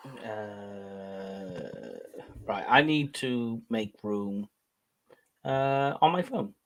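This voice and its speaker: A man with a Welsh accent co-hosting a casual fan podcast, quick and cheeky as he winds up his friends. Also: on the low side, animated, a bit bright. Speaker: podcast co-host.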